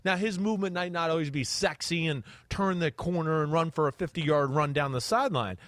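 A fairly high-voiced man talks through football film on his podcast, getting animated and acting out a quarterback's reads with little sound effects. The sound is dry and close to the mic, with no room around it. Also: a little fast, dry recording. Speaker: podcast host and quarterback analyst. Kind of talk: casual podcast chat.

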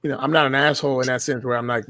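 A man telling stories in relaxed, profane podcast chat, often acting out what other people said. His voice sits in a middle range and comes across dry and close, with little room sound. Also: medium pitch, rapid-fire, no room sound. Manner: profane, laid-back storytelling with quoted voices. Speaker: guest, beard-care business owner.

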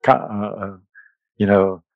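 A man speaking as an interview guest, halting and searching for words as he talks. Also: on the low side, monotone, no echo, narrow, tinny audio. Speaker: guest writer and book coach. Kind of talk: casual interview talk.

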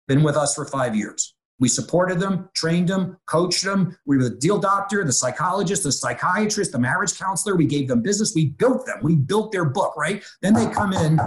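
A middle-aged man speaking as a real estate executive in a conversational interview, energetically acting out quoted dialogue. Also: fairly high pitch.

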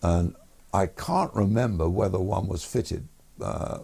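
Older guest, rambly, hesitant, deep and husky voice. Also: male voice, measured pace, dark tone. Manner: rambling, hesitant, chuckles through stories. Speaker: interview guest, former air force pilot. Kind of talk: anecdotal storytelling in a podcast interview.

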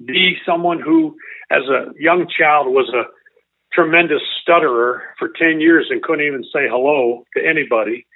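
An older man, a former baseball coach, telling a long emotional story as an interview guest in an earnest, halting way. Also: fairly high pitch, no room sound. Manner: earnest, halting, repeats himself. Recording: tinny phone-like line.

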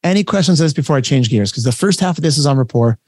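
A man coaching a workshop over a video call, talking in an energetic, conversational and emphatic way. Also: mid-range voice, very fast, no room sound, clean studio sound. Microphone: webcam setup, facing camera.

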